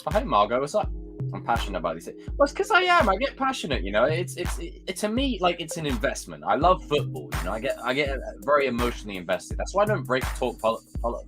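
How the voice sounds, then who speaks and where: A young man chatting on a live stream, ranting and swearing in an excitable way. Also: mid-range voice, fast talker, over music. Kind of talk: casual live-stream chat.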